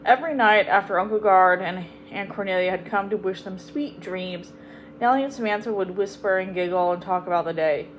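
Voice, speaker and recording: A woman reads a children's storybook aloud as host of her own channel. Her delivery is expressive and emphatic, turning tender in the sad passages. Her pitch sits in a middle range. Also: a little fast, lo-fi sound, a little hiss or hum. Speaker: audiobook reader, channel host.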